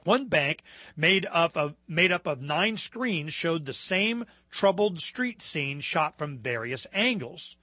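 A man's voice: a little high, expressive, slow, sharp tone, no room sound. A man hosting a talk show, reading news aloud and breaking off into rambling, sarcastic asides full of fillers and restarts.

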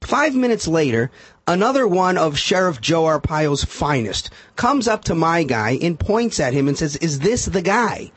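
A man's voice: fairly high pitch, normal speed, dry recording. A man telling a case story as a guest on a radio talk show, acting out the quotes. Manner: animated storyteller, acts out quotes. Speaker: defense attorney guest.

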